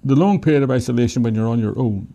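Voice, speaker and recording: Gravelly-voiced Irish man, wry and reflective. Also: medium pitch, very fast, mellow, dull audio. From Ireland. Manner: wry, reflective, often laughing while he talks. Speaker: author and interview guest. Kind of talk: reflective storytelling in an interview.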